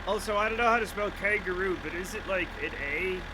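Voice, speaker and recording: A man's voice: high voice, fast talker, noisy background. A man streaming a game, chatting casually, joking, swearing and often laughing. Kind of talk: casual livestream commentary.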